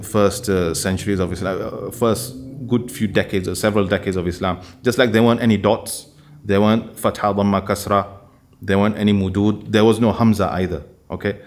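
A man with a voice on the low side lectures a class deliberately and explains things, often pausing to check that his students are following.

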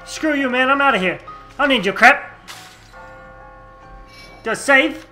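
A man giving loud, jokey commentary on his video game playthrough. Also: very high-pitched, measured pace, faint music behind. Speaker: let's play gamer. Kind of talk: casual gameplay commentary.

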